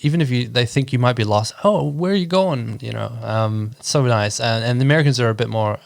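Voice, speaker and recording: A man in his thirties from New Zealand with a New Zealand accent, a guest architect chatting casually in an interview with relaxed, hesitant speech full of ums. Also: medium pitch, fast talker, creaky, dry recording, studio quality.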